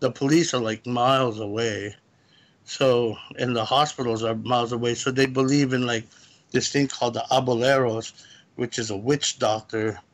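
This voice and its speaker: A man calling in as a guest, telling a personal story in a rambling, halting way. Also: mid-range voice, fairly even intonation. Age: adult, lived in California. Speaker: guest caller. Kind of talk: casual storytelling.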